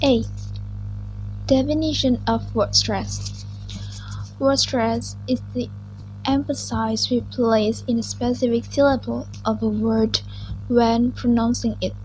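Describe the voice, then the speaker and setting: A young woman reading out a class presentation slowly and carefully, with small restarts. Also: on the high side, fairly even intonation, a little mellow, soft background music, rough recording. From Indonesia. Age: young adult. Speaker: student presenter.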